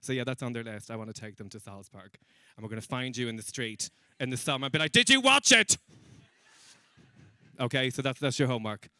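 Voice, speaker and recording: A man doing stand-up comedy before a live audience, chatting with the crowd in a self-mocking, quick way. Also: mid-range voice, fairly even intonation, a bit bright, dry recording, clean studio sound. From Ireland.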